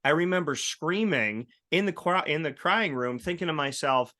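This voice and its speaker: A male talk show host with a bright, forceful voice. He chats casually and tells animated stories, acting out quoted lines as he goes. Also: on the high side, normal speed. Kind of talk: casual chat.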